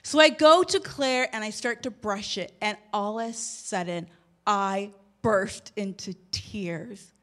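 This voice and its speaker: A woman's voice: medium pitch, takes it slowly. A woman in her thirties preaching a sermon, telling a personal story with bursts of emotion. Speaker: pastor.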